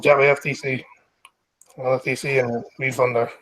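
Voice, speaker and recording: A Scottish man hosting a live stream, reading news stories aloud casually, stumbling over words and clearing his throat. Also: mid-range voice, level tone, moderate pace, fairly bright tone, a little hiss or hum, low-quality recording.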